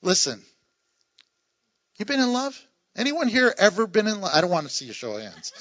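Male pastor, sermon delivery, playful with humorous asides; high-pitched, slightly muffled recording. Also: huge pitch swings, brisk, fairly bright tone. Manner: playful, joking asides and chuckles.

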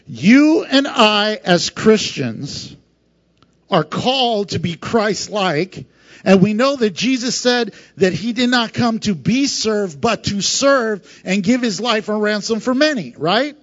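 A man preaching a sermon, swinging between emphatic loud lines and hushed, quieter passages. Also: high voice, animated, slow pace. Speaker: pastor. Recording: dull lo-fi sound.

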